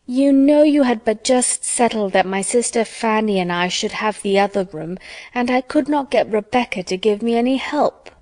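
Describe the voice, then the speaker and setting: A woman's voice: fairly high pitch, lively intonation, moderate pace, a little mellow, close to an everyday voice. A woman doing a pert defiant teenage girl. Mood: defensive. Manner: self-defending, pert. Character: fearless defensive teenage girl.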